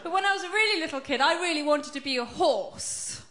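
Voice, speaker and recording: A woman from Iran, doing a stand-up routine on stage, chatty with deadpan punchlines. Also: sits high, a little fast. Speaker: stand-up comedian. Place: large theatre with a live audience. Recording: echoey theatre with a faint crowd.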